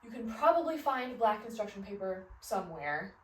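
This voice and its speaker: A Midwestern woman in her thirties, a fashion vlogger, chats casually and rambles about outfits from her closet, with plenty of fillers and laughs. Her medium-pitched voice is very animated at a normal speed. The recording sounds roomy, with her a little distant from the mic.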